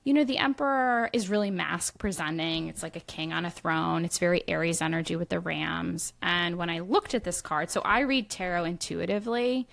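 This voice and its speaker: A woman's voice: on the low side, moderate pace, creaky, few pauses, a bit bright. A woman, a guest medium reading tarot, talking in a chatty, musing way on a casual podcast.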